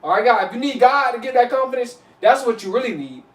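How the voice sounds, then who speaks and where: A man with a high voice giving casual, preachy advice to his viewers and calling them y'all. He circles back to his points and keeps checking in with his listeners. He sits a little back from the mic, and the room adds a hollow echo. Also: expressive, fast talker, far from the mic. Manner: preachy, repeats "you know what I'm saying", addresses viewers as y'all. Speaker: vlogger. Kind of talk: casual motivational talk to camera.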